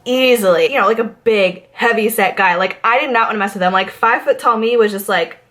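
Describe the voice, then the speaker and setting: A woman from Massachusetts, telling a storytime rant about her bartending days in a chatty, animated way full of fillers. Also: mid-range voice, brisk. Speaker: vlogger, former bartender.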